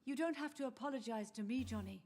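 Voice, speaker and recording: An actress voicing a frail, confused old mother who grieves for her lost children, in a soft, wistful game performance. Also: high-pitched, fast. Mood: mournful. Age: older. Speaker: game character. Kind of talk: video game voice acting.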